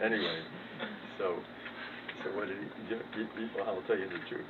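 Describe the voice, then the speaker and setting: A rabbi giving a humorous Torah talk, self-mocking and swinging from low mumbled asides to loud emphatic bursts. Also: male voice, moderate pace, long pauses. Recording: distant, tinny phone-quality recording with background noise.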